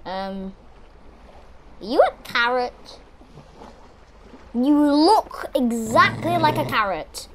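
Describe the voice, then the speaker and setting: A woman giving excitable, chatty let's-play commentary, exclaiming as she plays. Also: high voice, slow pace, long pauses, background noise. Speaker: gamer.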